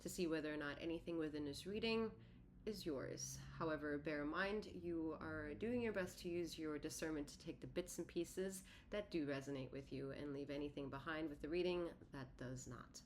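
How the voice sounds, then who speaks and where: A woman with a notably low speaking voice gives a solo tarot reading, talking in a loose, conversational way. She often stops to correct herself, and her words come out slightly lisped and slurred. A faint hiss of noise sits under her voice. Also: moderate pace. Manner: rambling, self-correcting, conversational. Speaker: tarot reader and healer.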